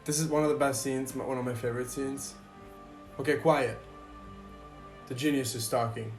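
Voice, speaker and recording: A man's voice: mid-range voice, fairly even intonation, moderate pace, soft background music. A man hosting a podcast, sarcastically reviewing and reacting to a bad movie with crude, mock-reverent humor. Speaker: podcast host.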